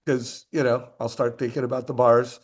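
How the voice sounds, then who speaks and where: Male webinar host, relaxed conversational delivery, average pitch. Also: moderate pace. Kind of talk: casual chat.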